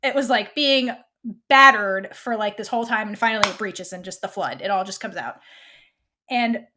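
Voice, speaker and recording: A woman co-hosting a fan podcast, retelling a TV episode in a casual, animated way and quoting the characters' lines. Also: medium pitch, normal speed. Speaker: podcast co-host.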